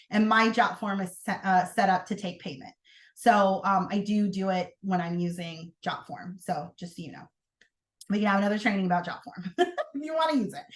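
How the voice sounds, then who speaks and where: A woman leading a sales team training, talking in an energetic, chatty way with sudden excited outbursts. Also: mid-range voice. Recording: roomy echo.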